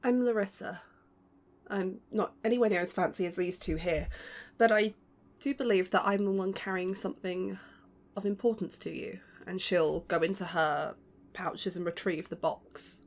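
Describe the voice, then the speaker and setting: A woman's voice: mid-range voice, fairly even intonation, normal speed. A woman player speaking plainly and modestly in a tabletop game.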